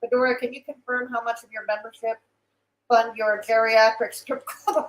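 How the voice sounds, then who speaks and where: A woman's voice: a little high, fairly even intonation, moderate pace, poor audio. A woman hosting a casual livestream, reading chat aloud, greeting viewers by name and trading sarcastic remarks. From Canada.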